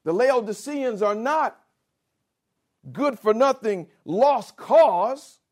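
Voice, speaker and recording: Male preacher, unhurried and insistent, speaks straight to the congregation. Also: very high-pitched, expressive, a little mellow. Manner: spells out Greek words slowly and earnestly; addresses listeners directly and insistently. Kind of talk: sermon.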